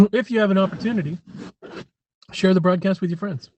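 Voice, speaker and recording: Casting: man hosting a live stream, slightly high voice, chatty and rambling, dull dry lo-fi sound. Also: a little fast, darkish tone, dry recording. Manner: rambling, chatty, frequent throat clearing. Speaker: livestream host. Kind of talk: casual live-stream chat.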